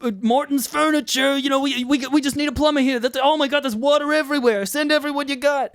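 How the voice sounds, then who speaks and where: A woman's voice: high-pitched, fairly even intonation, quick pace, dry recording, studio quality, pitched above the performer's own voice. Woman doing a frantic, stammering man on the phone. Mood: panicked. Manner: panicked, stammering. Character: frantic middle-aged man calling a plumber.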